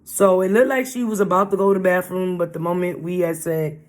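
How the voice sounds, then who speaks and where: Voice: mid-range voice, fairly even intonation, a little fast. A casual storytime vlog told in a loose, rambling voice. The speaker circles back and repeats lines, leaning on slangy street talk. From Brooklyn, New York. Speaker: vlogger.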